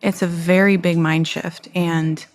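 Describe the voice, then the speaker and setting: A woman in a casual interview, speaking directly and telling stories with lively acted-out quotes. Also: lowish voice, unhurried. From Montana. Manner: direct, animated storyteller, acts out quotes. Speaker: business co-owner guest.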